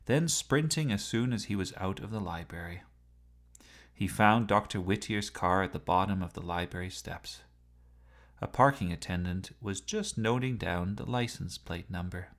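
A man narrating a storybook with an expressive reading style. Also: fairly low pitch, measured pace.

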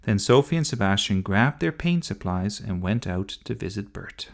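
A man reading a children's story aloud in a gentle, expressive manner. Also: lowish voice, moderate pace, gravelly.

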